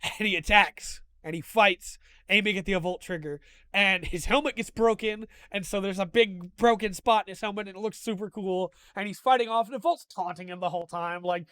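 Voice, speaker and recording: A man's voice: sits high, normal speed, bright, forceful tone, clean tone, dry recording. A man hosting a casual review show, retelling scenes with open enthusiasm and emotion. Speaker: host.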